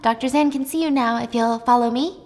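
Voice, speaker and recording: A woman's voice: a little high, steady tone, fairly quick, soft background music, lightly acted. A woman voicing a young female secretary who stammers apologetically. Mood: flustered.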